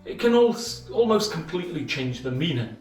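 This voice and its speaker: A man with a slightly raised voice explains a book in a measured way, leaning on pauses and emphasis. He sits a little back from the mic in an echoey room. Soft music plays faintly behind him. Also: on the high side, very animated, far from the mic. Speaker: channel host summarizing a book. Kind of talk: explanatory book-summary monologue.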